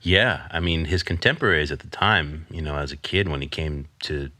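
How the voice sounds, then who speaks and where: A middle-aged man speaks as a podcast guest in a very deep voice with a forceful, bright edge. He tells a personal story in candid conversation and slips into animated voices when he quotes others. The sound is dry and close to the mic. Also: moderate pace, no room sound.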